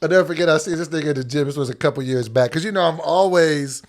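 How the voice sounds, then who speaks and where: A man's voice: fairly high pitch, fast. A man co-hosting a podcast, telling stories in laid-back casual chat and laughing often. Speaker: podcast co-host.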